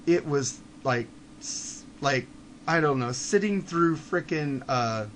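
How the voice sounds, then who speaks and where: A man hosting a podcast, delivering a blunt, profane rant that swings from low muttering to shouting. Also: takes it slowly, a little hiss or hum. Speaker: podcast host. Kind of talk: ranting monologue.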